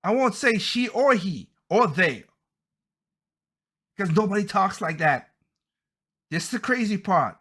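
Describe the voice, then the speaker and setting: A man's voice: high-pitched, lively intonation, a little slow, long pauses, a bit bright, husky. A man hosting a podcast, giving heated, blunt opinion commentary and often stumbling over and repeating his words. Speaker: podcast host.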